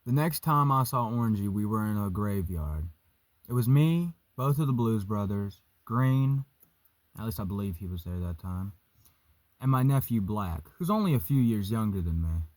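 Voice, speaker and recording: A young man casually telling a story, profane and animated, vaping as he talks. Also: lowish voice, moderate pace, no room sound. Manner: vaping while talking.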